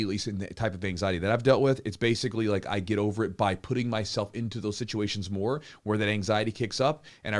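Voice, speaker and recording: A man in his thirties, a podcast host, talks in a fairly low voice, casual and chatty. He tells stories with energy and acts out the quotes, and he swears now and then. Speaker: podcast host and jiu-jitsu coach. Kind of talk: casual live Q&A chat.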